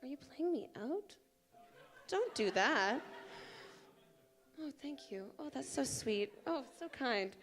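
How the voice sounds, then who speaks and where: A woman's voice: sits high, very animated, takes it slowly, long pauses, soft background music. A woman giving an effusive live thank-you speech on a theatre stage into a handheld mic, repeating her praise. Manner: effusive and gushing, repeats words like incredible. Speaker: show director and producer. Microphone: handheld microphone.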